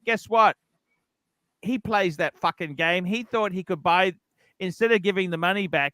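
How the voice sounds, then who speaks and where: Man, livestream host, high bright voice, blunt and heated, swears, dry close sound. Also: smooth, no room sound. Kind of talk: casual livestream chat.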